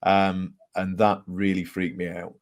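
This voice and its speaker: Deep-voiced man telling ghost stories. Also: unhurried. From England. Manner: animated storyteller with fillers and laughs. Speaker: author guest. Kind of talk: casual storytelling interview.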